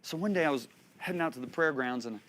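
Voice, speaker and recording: Fifties man preaching, fairly high voice. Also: quick pace. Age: 50s. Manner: animated storytelling, laughing between points. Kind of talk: sermon.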